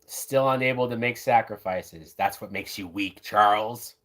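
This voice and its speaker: A man's voice: fairly low pitch, measured pace, a bit bright. Chatty man reacting to a movie. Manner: loose, chatty, says "man" and "like" a lot. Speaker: live-watch reviewer. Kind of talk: casual live commentary.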